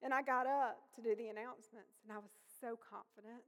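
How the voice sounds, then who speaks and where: A woman preaching a sermon, telling a personal story in a conversational, lively way. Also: a little high, a little fast. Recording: long reverb of a large hall.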